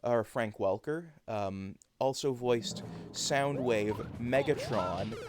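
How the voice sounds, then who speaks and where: A man's voice: mid-range voice, slow, noisy background. A man streaming a video game, chatting casually and explaining things with lots of fillers. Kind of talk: casual gameplay chat.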